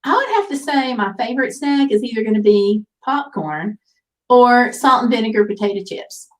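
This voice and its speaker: A woman hosts a casual livestream, reading viewer comments aloud in an easygoing, chatty manner. Her fairly high voice is expressive and moderately paced, picked up from a distance.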